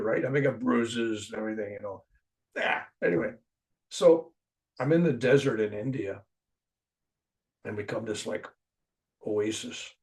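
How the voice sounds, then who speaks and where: An older man telling a personal story in a conversation, animated, jumping loud for emphasis and dropping soft when he reflects. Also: lowish voice, gravelly, distant mic. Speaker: interview guest.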